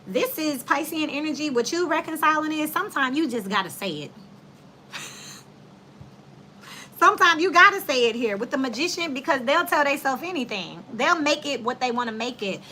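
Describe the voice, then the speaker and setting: A woman does a casual tarot reading in a fairly high voice with a bright, forceful edge. She talks bluntly and with animation, full of slang, and she laughs often between her points. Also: lively intonation, moderate pace, a little hiss or hum. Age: adult with children. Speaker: tarot reader.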